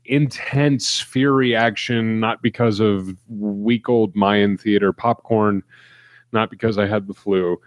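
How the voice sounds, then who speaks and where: A man's voice: lowish voice, takes it slowly, no room sound. A man co-hosting a casual podcast, telling a long anecdote and acting out quotes as he goes. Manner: animated storyteller, acts out quotes. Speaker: podcast co-host. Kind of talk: casual chat.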